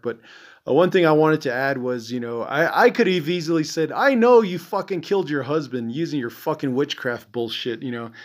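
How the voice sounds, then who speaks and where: A man hosting a podcast in an angry, profane, rambling monologue, full of "you know" fillers, his voice dropping and trailing off at the ends of phrases. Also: mid-range voice. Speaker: podcast host. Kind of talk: casual monologue.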